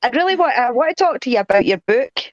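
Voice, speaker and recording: A woman's voice: high voice, expressive, quick pace, dry recording. A woman with a Glasgow accent co-hosting a live online show, chatty as she interviews a guest. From Scotland. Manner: chatty, with restarts. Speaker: co-host. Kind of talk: casual interview on a live stream. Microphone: video call. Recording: dull lo-fi online call audio.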